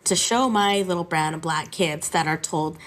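A woman music teacher telling chatty, animated stories in a radio interview. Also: fairly low pitch, moderate pace.

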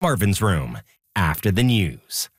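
Male station announcer, smooth promo read, dry booth sound. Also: sits low, sing-song, slow, dry recording. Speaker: radio announcer.

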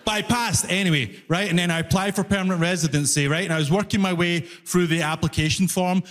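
A man from Scotland with a Glasgow accent, doing an animated, self-mocking stand-up comedy set on stage. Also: high-pitched, fast talker. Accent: Scottish, Glasgow. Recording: live club mic with long reverb and faint noise. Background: audience laughter.

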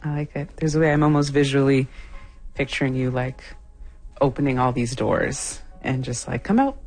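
A woman's voice: extremely low pitch, level tone, normal speed, soft background music. Reflective woman co-hosting a podcast. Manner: reflective, gently probing. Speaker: podcast co-host. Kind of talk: conversational interviewing.

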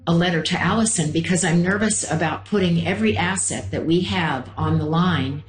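An older woman, a mother being interviewed, recounting a past decision in a deliberate, careful way. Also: fairly low pitch. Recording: roomy, echoey room sound.

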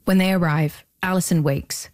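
A woman hosting and narrating a scripted documentary podcast in a measured, even delivery. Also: on the low side, a little hiss or hum.

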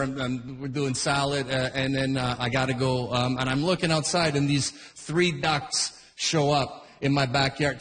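Animated man telling a rambling story. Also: on the high side, long reverb tail. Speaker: stand-up comedian. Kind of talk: stand-up storytelling.

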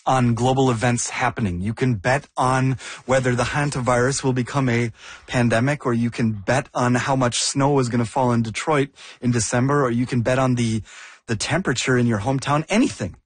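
A man's voice: medium pitch, steady tone, brisk, breathy edge, no room sound. A man co-hosting a news discussion, asking questions and thinking aloud.

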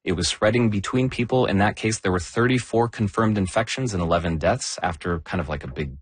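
A man hosting a science podcast, explaining news in a measured conversational way and leaning on key words. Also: fairly low pitch, slightly rough, dry recording. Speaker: podcast host.

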